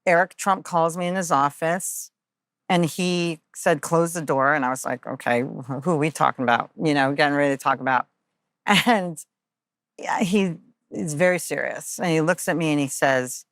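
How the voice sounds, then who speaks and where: A woman with a low voice speaks earnestly and openly in an interview, often pausing on fillers as she works through a personal story. The sound is dry and close. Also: a bit bright, dry recording. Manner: earnest, confessional, many fillers. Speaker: guest.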